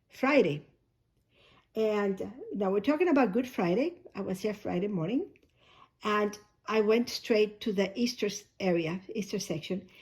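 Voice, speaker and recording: Hoarse, chatty woman vlogger. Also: medium pitch, a little mellow. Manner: rambling, self-correcting, chatty. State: hoarse, coughing. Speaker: shoebox-packing vlogger. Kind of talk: casual unboxing chat.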